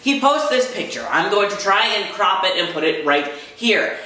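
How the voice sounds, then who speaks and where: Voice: mid-range voice, animated, normal speed, bright, forceful tone. A young adult vlogger from the United States, venting in an angry rant with frustrated outbursts and swearing. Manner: frustrated, swearing, talks in bursts. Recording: very echoey room.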